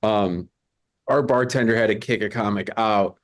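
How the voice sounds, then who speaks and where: A man hosting an online comedy show over a video call, chatting loosely with many stammered restarts. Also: lowish voice. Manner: rambling, stammering restarts, quick asides. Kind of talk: casual live-stream banter. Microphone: video call mic.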